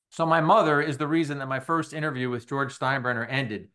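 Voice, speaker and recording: A middle-aged man hosting a sports podcast, telling a story in a lively way and acting out the voices of the people in it. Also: mid-range voice, a little fast. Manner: animated storyteller, acts out quoted voices. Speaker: podcast host. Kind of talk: casual storytelling monologue.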